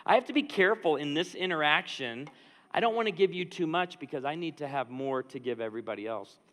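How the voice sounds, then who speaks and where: Bright-voiced pastor in an echoing hall. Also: male voice, a little high, fast talker. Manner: animated, conversational preaching with asides to the audience. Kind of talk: storytelling sermon. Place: church auditorium. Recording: long reverb of a large hall.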